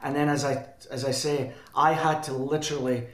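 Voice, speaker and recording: A Scottish man of middle pitch spins a winding story, backtracking and fixing his words mid-sentence. His voice carries a noticeable room echo around it. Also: level tone, normal speed. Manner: rambling, self-correcting, chuckling. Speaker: band frontman, guest. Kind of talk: anecdotal storytelling. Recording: roomy echo.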